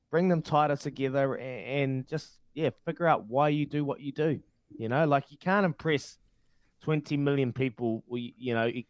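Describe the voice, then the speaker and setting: Casting note: man, mid pitch, heartfelt and advising, dry close sound. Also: no echo. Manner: heartfelt, advising, stumbling restarts. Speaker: former rugby player, co-host. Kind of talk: casual sports chat.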